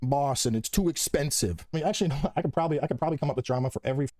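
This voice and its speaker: A man's voice: on the high side, racing, dry recording, studio quality. A man content creator ranting casually with loose slang. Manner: loose, animated rant with slang.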